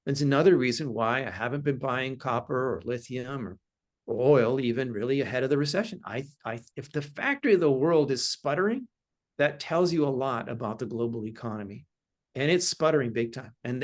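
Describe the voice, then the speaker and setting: In an interview conversation about markets, a male guest speaks analytically and with caution. His voice is mid-range and his pace is moderate.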